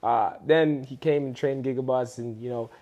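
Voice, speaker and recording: A Canadian man telling a story in a relaxed interview. His voice sits at a middle pitch, but it jumps high and loud whenever he quotes someone. The talk is casual, full of "you know" and "like". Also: moderate pace, dull audio. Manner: animated, acts out quoted people in a raised voice. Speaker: dance teacher telling a story.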